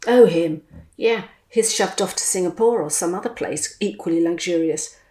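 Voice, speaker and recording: A woman voicing a wry gentleman. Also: on the low side, moderate pace, lightly acted. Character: Australian knighted man, wry, easygoing expat. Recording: roomy echo.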